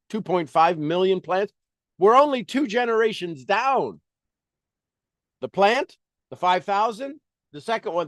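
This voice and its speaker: A man's voice: high voice, no echo, clean studio sound. A man reading a self-help book aloud and breaking off into emphatic, preachy asides and questions to his listeners. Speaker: motivational book reader and coach.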